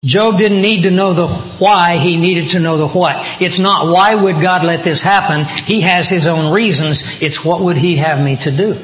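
A man's voice: fairly high pitch, a bit bright. A male pastor preaching a sermon as a personal story, talking conversationally and acting out the dialogue he quotes. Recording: roomy hall with long reverb.

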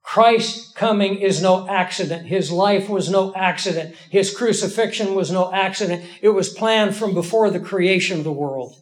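A man preaching a sermon with a high-pitched voice. He talks in a folksy, emphatic way and slows down to land his key lines.

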